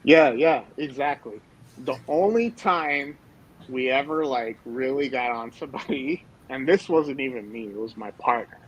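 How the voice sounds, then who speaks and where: A man telling police stories in casual chat, animated and full of fillers. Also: mid-range voice, a little slow, muffled recording, slight background noise. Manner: animated storytelling with lots of fillers. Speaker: former police officer.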